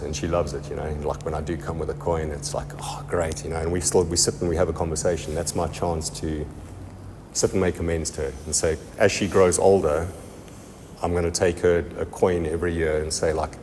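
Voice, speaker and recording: A man telling his recovery story in a halting, heartfelt testimony full of pauses and restarts. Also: extremely low pitch, in a large hall, background noise. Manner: halting, many ums and restarts. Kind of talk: personal testimony.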